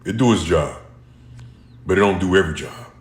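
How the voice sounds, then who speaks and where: A man's voice: deep voice, lively intonation, a little fast, reverberant. A man delivering a blunt, profane social media rant full of slang.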